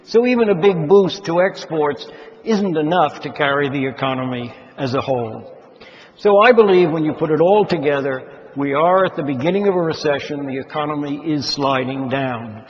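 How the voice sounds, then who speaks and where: An older man delivers a measured lecture, leaning hard on the words he wants remembered. His voice sits a little high for a man. It reaches the mic muffled and dull, with a long reverb trailing through a large hall. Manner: measured, emphatic, stresses key words. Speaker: economist giving a talk. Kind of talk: lecture to an audience of investors.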